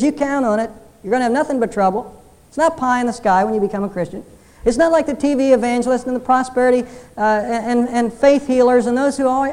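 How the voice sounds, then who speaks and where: A man pastor delivers a sermon in a warm, mellow voice. He swings from strong, raised emphasis to quiet, hushed appeals. He drives his points home by repeating key phrases. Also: very high voice. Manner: earnest preaching that swings between loud emphasis and hushed appeals.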